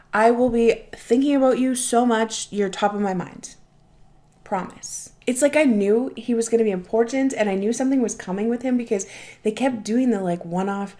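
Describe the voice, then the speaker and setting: A woman's voice: fairly high pitch, dark tone. Gushing young woman reacting to a show. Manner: chatty, gushing, swears casually. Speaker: reaction channel host. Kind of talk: casual reaction commentary.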